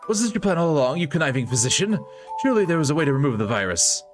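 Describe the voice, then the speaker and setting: A man's voice: a little high, very animated, rapid-fire, soft background music, voice pushed up. A man voicing a pompous, hot-headed noble in a visual novel, with theatrical, indignant outbursts.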